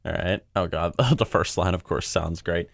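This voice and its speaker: A man casually commenting while editing audio, relaxed and chatty, thinking out loud. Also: deep voice, moderate pace, creaky, no room sound, clean studio sound. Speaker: machinima creator editing audio.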